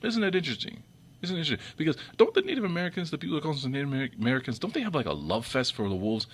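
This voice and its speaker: A video commentator talks off the cuff, rapid-fire and breathy, his pitch swooping wildly. He rambles with many restarts and repeated words, and when he gets irritated his voice jumps up sharply in pitch and loudness.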